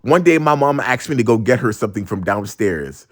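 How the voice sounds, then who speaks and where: A young man in his twenties telling a funny personal story in a casual, slangy and animated way. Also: mid-range voice, brisk. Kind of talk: storytime vlog.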